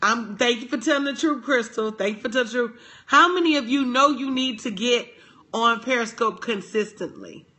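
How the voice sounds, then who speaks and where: A woman's voice: fairly high pitch, moderate pace, sharp tone. A woman business consultant giving a motivational livestream talk. She uses call-and-response and greets viewers by name. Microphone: phone livestream.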